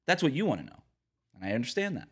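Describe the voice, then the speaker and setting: A man with a husky, slightly bright, medium-pitched voice rants quickly on his sports podcast, his pitch swooping wildly. He hammers his opinions home emphatically and parodies quotes with put-on voices.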